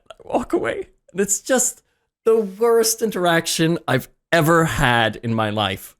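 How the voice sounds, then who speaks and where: A man's voice: medium pitch, big pitch swings, brisk. A man on a casual podcast telling an embarrassing story, acting out the quoted lines and laughing often. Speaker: podcast co-host.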